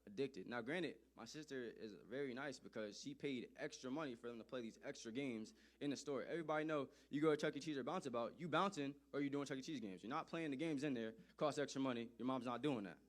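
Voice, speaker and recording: A man telling a personal story to an audience in an animated, emphatic way, often repeating phrases for effect. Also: mid-range voice, fast talker, few pauses.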